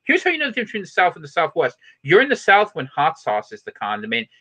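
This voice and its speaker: A man from the Midwest hosting a casual chat show, joking around and dropping into quick accent bits. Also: a little high, huge pitch swings, bright, forceful tone, poor audio. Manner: jokey, does quick accent impressions. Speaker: show host.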